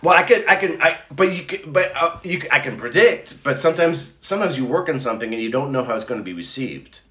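A middle-aged man chatting casually as a co-host, telling stories in a rambling, animated way with many restarts. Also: a little high, quick pace. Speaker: podcast co-host. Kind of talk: casual chat. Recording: roomy echo.

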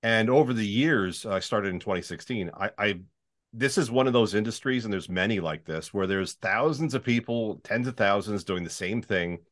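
A man's voice: lowish voice, moderate pace. A voiceover artist, a man, explaining his business in a casual interview. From Canada. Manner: explanatory, with many fillers and restarts.

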